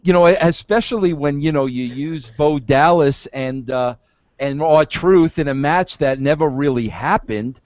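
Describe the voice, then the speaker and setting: A man's voice: on the high side, a little slow, darkish tone, no room sound, dull audio. A man joining a podcast as a guest, talking casually and stammering through restarts.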